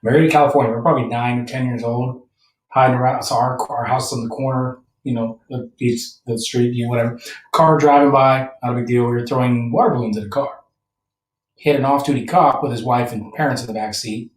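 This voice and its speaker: A man's voice: mid-range voice, fairly even intonation, brisk, recorded from a distance. Joking man, a little off mic, roomy. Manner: joking, acts out the story with loud quoted voices. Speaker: podcast guest. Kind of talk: casual chat.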